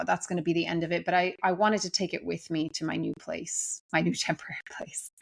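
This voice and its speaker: A woman giving a gentle, earnest spiritual talk from home, speaking emphatically and often restarting her phrases. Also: lowish voice, gravelly. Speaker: spiritual teacher. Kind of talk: reflective spoken talk.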